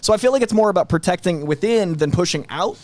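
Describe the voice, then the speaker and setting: A man's voice: sits high, expressive, fast talker, darkish tone, dry recording. A man on a film discussion panel, thoughtful and musing.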